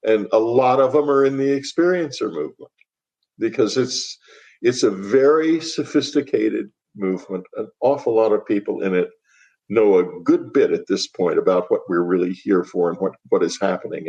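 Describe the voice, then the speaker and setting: A man's voice: on the low side, gravelly, darkish tone, dull audio. An older man, a guest author on a podcast interview, speaking bluntly and dismissively, with a laugh at what he finds absurd.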